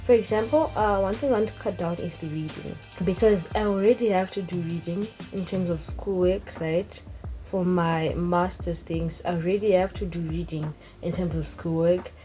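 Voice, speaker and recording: Animated woman vlogger. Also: on the low side, normal speed, soft background music, poor audio. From Zimbabwe. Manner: animated, expressive, emphatic. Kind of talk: casual vlog chat.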